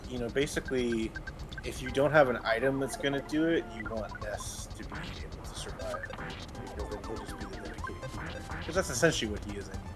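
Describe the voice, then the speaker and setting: A man doing casual live race commentary, agreeable and explaining strategy. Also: mid-range voice.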